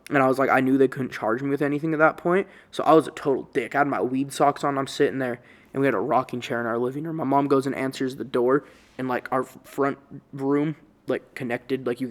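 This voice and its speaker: A man's voice: medium pitch, steady tone, quick pace. A man casually telling a story-time vlog in a rambling way, full of swearing and slang. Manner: rambling, profane, loose slang. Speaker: YouTuber.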